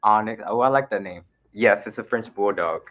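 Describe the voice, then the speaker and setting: A young man hosting a casual livestream, greeting viewers by name in a relaxed, laid-back way. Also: lowish voice, moderate pace. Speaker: livestream host.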